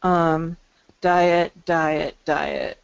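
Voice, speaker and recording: A woman presenting a webinar, walking through a software demo with ums and restarts. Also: low-pitched, fairly even intonation, drawn-out words, gravelly, clear, resonant tone, no echo. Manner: explanatory, frequent ums and restarts. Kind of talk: screen-share software demo. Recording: dry, dull lo-fi call audio.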